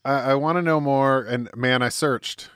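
A man hosting an interview, asking questions eagerly with restarts and drawn-out phrasing. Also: medium pitch, steady tone, a bit bright, clean tone, no room sound, studio quality. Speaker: podcast host. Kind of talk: casual interview chat.

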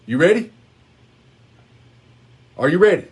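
A man's voice: on the high side, sing-song, unhurried, slightly rough. A man hosting a podcast, arguing in a combative, sarcastic way and repeating his questions. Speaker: podcast host. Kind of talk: casual political argument.

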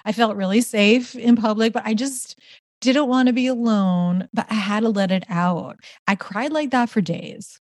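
A middle-aged woman, a guest author and healer, talking in an animated, emphatic way in a conversational interview. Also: fairly high pitch, normal speed, dry recording, studio quality. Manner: animated, emphatic storytelling with gasps and laughs.

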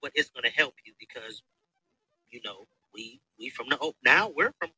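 A man in his thirties hosting a casual podcast, telling profane, animated stories. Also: mid-range voice, normal speed, breathy edge, no echo, rough recording. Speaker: podcast host. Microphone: phone.

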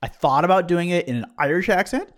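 Man, podcast co-host, casual chat, slightly high voice, thinks out loud. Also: quick pace. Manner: relaxed, rambling, thinks out loud.

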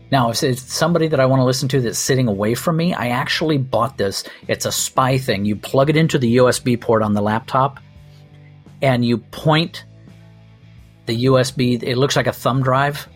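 A male podcast host tells a comic story with a wry, sardonic edge and a salty tongue. His voice sits at an ordinary middle pitch. Faint guitar music plays behind him. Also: breathy edge. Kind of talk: comedic storytelling monologue.

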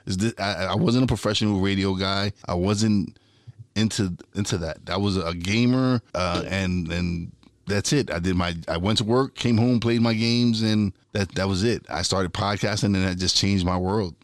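This podcast and radio host has a low male voice at normal speed, captured in a dry, studio-quality recording. Chatting casually on his own podcast, he's profane and lively, restarting and repeating words as he gets worked up.

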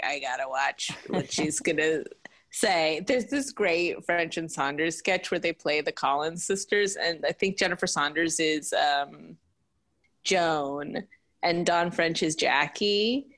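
A woman's voice: lowish voice, unhurried, a bit bright. A woman co-hosting a casual chat, talking with many laughs and wandering off on tangents. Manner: chatty, laughs often, goes off on tangents. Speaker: podcast co-host.

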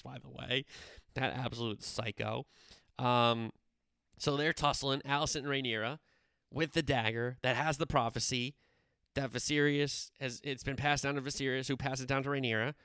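A man's voice: medium pitch, pushed and bright, smooth, dry recording, clean studio sound. A man casually recapping a TV episode in a chatty way, full of fillers, paraphrasing what the characters say. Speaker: show recapper.

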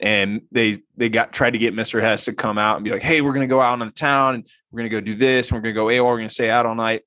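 A man's voice: mid-range voice, fairly even intonation, fast talker, bright, forceful tone, no room sound. A young man hosting a casual chat, telling a story with frequent laughs. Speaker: podcast host. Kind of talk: casual chat among friends.

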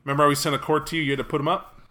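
A man's voice: on the high side, little pitch movement, racing, sharp tone. A man co-hosting a casual podcast as a game master, making emphatic, sarcastic rhetorical points. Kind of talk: casual chat.

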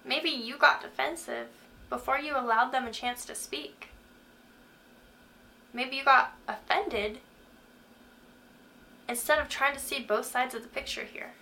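Earnest woman with a bright voice. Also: high voice, a little slow, long pauses, a little hiss or hum. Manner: earnest, asks the listener direct questions. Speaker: Christian speaker. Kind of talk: faith-based motivational talk.

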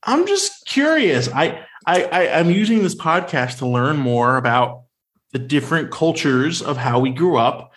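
A man co-hosting a casual podcast, rambling with lots of fillers and animated questions. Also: mid-range voice, normal speed. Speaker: podcast co-host. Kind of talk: casual chat.

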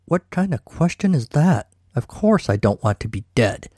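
A man's voice: on the high side, big pitch swings, moderate pace, warm tone, no room sound, studio quality, pitched above the performer's own voice. A man voicing a dying, middle-aged man who talks in a weary, sardonic way.

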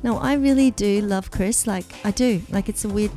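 A woman co-hosts a live morning radio show from the studio. Her voice sits at a middle pitch, and she talks playfully, protesting her innocence with mock drama. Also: moderate pace, dark tone, soft background music. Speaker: radio co-host.

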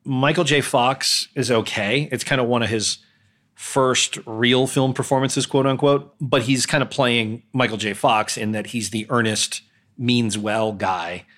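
A man's voice: mid-range voice, fairly even intonation, measured pace, fairly bright tone. A man hosting a podcast, talking through films in a blunt, opinionated, conversational way with frequent hesitations. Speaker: podcast host. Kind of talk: casual solo film commentary.

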